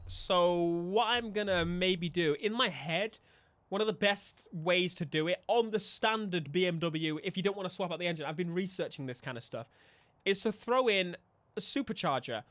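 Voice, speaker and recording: A young man, giving animated, jokey live gameplay commentary as a streamer, with sudden bursts of mock outrage. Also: high voice, normal speed, no room sound. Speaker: gaming streamer.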